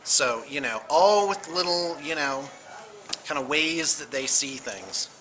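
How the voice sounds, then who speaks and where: A man's voice: on the high side, animated, unhurried, low-quality recording. A man hosting a tabletop battle report, chatting casually as he films it on a camera in a game store. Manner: chatty, rambling, self-deprecating. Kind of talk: casual running commentary. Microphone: handheld video camera. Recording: camera mic with clear background noise.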